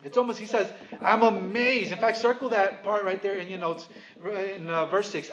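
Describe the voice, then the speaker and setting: A man's voice: high-pitched, steady tone, normal speed, fairly bright tone, muffled recording. A man preaching a conversational sermon, emphatic and playful, often asking his listeners questions. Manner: playful, dry humor. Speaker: pastor.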